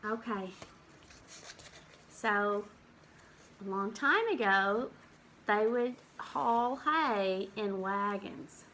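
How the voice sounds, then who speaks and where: Brief slow, bright-voiced woman reading aloud. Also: medium pitch, expressive, slight background noise. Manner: acts out animal and farm sounds, asks children questions. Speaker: teacher reading to children. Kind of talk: read-aloud storytime with explanations.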